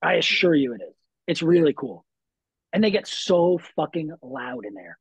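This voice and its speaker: A man's voice: on the high side, sing-song, moderate pace, creaky, breathy edge, dry recording, muffled recording. A man, a wrestler guest on a podcast, telling stories in a laid-back way with lots of fillers. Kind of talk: casual podcast chat.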